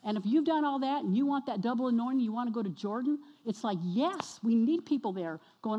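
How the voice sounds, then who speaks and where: A woman preaching a sermon to her congregation, energetic and exhorting, often questioning the listeners. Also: fairly high pitch, a little fast, few pauses, muffled recording. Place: church sanctuary. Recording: long reverb of a church hall.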